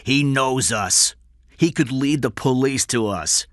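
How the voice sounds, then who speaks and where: A man reading aloud and voicing a rough male kidnapper who shouts and threatens. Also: medium pitch, slow, no echo, clean studio sound, voice pushed up, natural voice. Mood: scheming.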